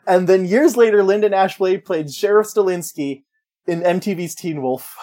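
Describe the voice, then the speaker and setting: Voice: medium pitch, normal speed, dark tone. A co-host chatting casually, sharing trivia in a playful way. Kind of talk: casual chat.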